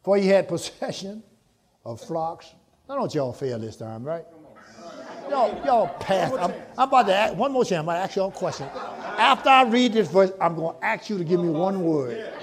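A man preaching a sermon, calling to the congregation for answers and climbing into shouts. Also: high voice, very animated, moderate pace, crowd noise. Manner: call-and-response preaching, rising to shouts.

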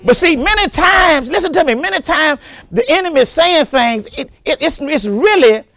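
A male pastor preaching a sermon with emphatic delivery, repeating phrases and breaking into shouts. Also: extremely high pitch, lively intonation, normal speed, no room sound.

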